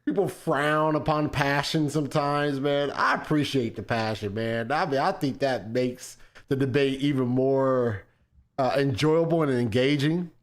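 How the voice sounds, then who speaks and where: A relaxed man moderates a debate in a casual, friendly tone. His voice sits at an ordinary middle pitch. He often drops a loose "man" at the end of his sentences. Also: unhurried. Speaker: debate show host.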